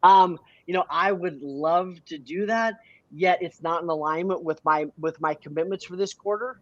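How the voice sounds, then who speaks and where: A man's voice: a little high, moderate pace, dry recording, muffled recording. A man from Canada, a business coach, talking energetically in an interview and often tagging his points with "right?". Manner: energetic, many restarts and rhetorical "right?". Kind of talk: casual interview talk.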